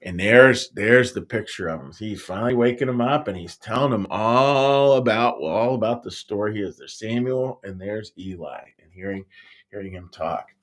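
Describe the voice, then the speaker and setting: A man, a pastor, telling a Bible story to young children in a playful, animated way, speaking right to the kids. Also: fairly low pitch, moderate pace.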